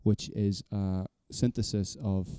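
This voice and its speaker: A man's voice: lowish voice, level tone, slow pace, warm tone, smooth, no echo, clean studio sound. A man co-hosting a casual podcast chat, rambling and self-deprecating, swearing casually. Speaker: podcast co-host.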